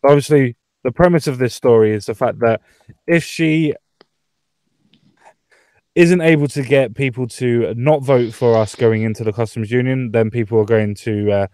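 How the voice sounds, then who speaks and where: A man's voice: mid-range voice, moderate pace, a little mellow, dry recording. A man from Britain hosting a casual political chat online, swearing freely and laughing often. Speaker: podcast host.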